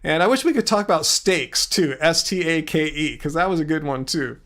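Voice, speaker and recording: A man's voice: on the high side, moderate pace, fairly bright tone. A man hosting a casual livestream chat, talking bluntly and sounding exasperated with trolls. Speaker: livestream host.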